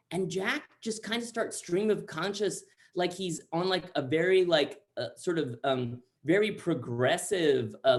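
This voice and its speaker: A man from Central Texas telling a funny personal story over a video call, chatty and full of asides. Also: sits high. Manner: animated, chatty, many likes and asides.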